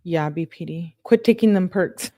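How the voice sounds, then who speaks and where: A woman's voice: fairly low pitch, unhurried, dark tone, dry recording, studio quality. A woman true-crime YouTuber reading text messages aloud, with casual commentary in between.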